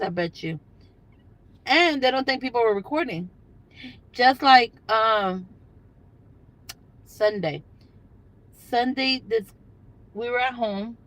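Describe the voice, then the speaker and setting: Sitting in a parked car, an older woman livestreams a casual chat with her viewers over her phone, rambling along with plenty of fillers. Her voice sits in the mid range, and the audio quality is poor.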